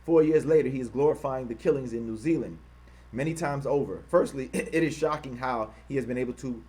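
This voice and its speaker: Husky man hosting a heated livestream. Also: a little fast. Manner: repetitive, grows loud and high when heated, mocking quoted voices. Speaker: online show host. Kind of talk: livestream commentary reading from a screen.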